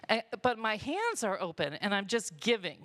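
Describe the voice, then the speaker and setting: A woman's voice: mid-range voice, sing-song, normal speed, fairly bright tone, no room sound, rough recording. A woman telling heartfelt stories about her work leading a charity store, at a church gathering. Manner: heartfelt storytelling, emotional. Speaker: charity store volunteer leader. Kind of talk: church testimony talk.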